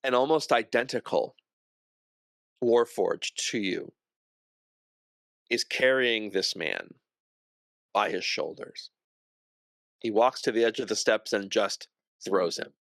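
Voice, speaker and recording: A man narrating a tabletop game as game master, describing scenes slowly with pauses. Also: lowish voice, creaky, a bit bright, dry recording.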